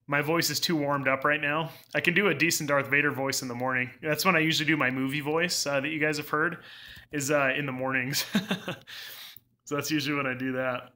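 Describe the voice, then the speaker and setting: A man's voice: a little high, steady tone, brisk, pushed and bright. A young man giving casual live gameplay commentary, rambling through filler words and laughing often. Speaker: game streamer.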